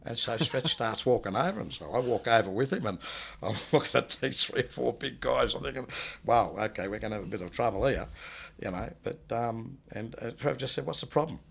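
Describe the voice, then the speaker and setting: A man telling a personal story in a rambling, halting way, often dropping low and quiet. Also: animated, vocal fry, slightly rough. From Australia. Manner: rambling, many restarts, low and subdued when recalling loss. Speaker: guest telling his life story. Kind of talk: casual spoken storytelling.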